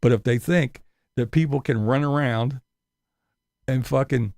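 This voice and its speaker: Gravelly yet a little mellow, this man's voice keeps a measured pace as he rants furiously at his audience. The YouTuber curses a lot and mocks his critics through high-pitched impressions, in a clean studio recording without room sound.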